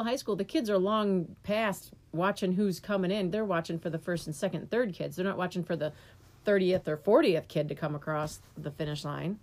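A woman's voice: on the low side, darkish tone. Self-mocking middle-aged woman telling stories. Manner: self-deprecating, storytelling, talks while eating. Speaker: podcast co-host, mother. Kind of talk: casual chat.

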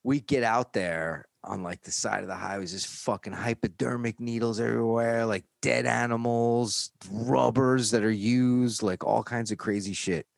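A man's voice: medium pitch, fairly even intonation, normal speed, gravelly, few pauses, dry recording. A man from New York telling a rambling, profane story in casual chat on a close studio mic.

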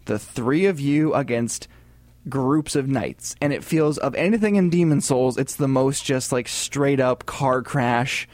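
Podcast cohost guy rambling about games, chatty, mid-pitched, super dry close sound. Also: unhurried, dry recording. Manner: chatty, rambling, animated asides. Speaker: podcast co-host. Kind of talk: casual gaming podcast chat.

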